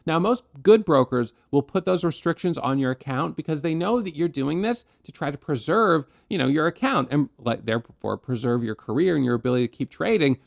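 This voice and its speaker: A man walks through his trading day from his desk in an easy, conversational way, leaning on analogies and acting out a frustrated trader's inner voice. His voice sits a little high for a man and carries a gravelly fry. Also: lively intonation, brisk, hardly any pauses. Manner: conversational, explains with analogies and acted self-talk. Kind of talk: trading recap to camera.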